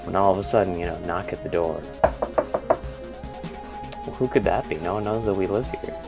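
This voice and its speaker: A man's voice: low voice, normal speed, gravelly, loud music behind the voice. A man co-hosting a podcast, telling an improvised story in a rambling, loose, profane way. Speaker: podcast co-host.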